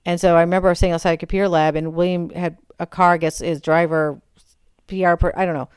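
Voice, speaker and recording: Woman, 40s, low-ish smooth voice, dry close mic, chatty rambling storyteller. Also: fast talker, dry recording. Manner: rambling, self-correcting, animated. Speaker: vlogger. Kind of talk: casual storytelling chat.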